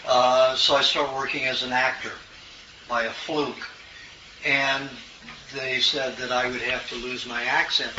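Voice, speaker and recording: An older man from the American South answering questions from an audience in a relaxed, storytelling way, chuckling now and then. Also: medium pitch, a little slow. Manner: folksy storytelling, chuckles often. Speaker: health lecturer. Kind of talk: casual Q&A talk. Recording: roomy, distant, muffled, noisy room recording.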